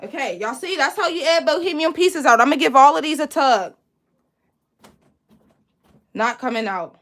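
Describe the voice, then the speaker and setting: A woman's voice: high voice, lively intonation, a little fast, a bit bright. A young woman from Pittsburgh, hosting a casual live braiding tutorial and chatting with viewers as she reads their comments. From Pittsburgh, USA.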